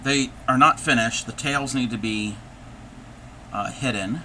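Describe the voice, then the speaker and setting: Male craft streamer, very bright, sharp tone, thinks aloud while working, faint AC hum behind. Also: mid-range voice, measured pace. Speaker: live-stream host. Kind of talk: casual live-stream chat while crafting.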